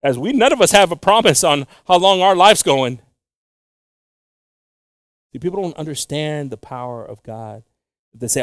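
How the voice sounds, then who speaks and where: Preacher man swinging between hush and proclamation. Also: a little high, lively intonation, no echo, studio quality. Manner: swings between hushed intimate talk and loud, slow, drawn-out scripture reading; halting, with frequent fillers and restarts. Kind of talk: bilingual sermon.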